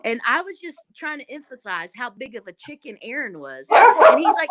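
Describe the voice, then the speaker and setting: A woman's voice: sits high, moderate pace, very noisy. A woman with a Southern Kentucky accent telling stories in a casual interview, dramatic and folksy. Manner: animated, dramatic storyteller with folksy phrasing. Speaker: guest, former reality show contestant.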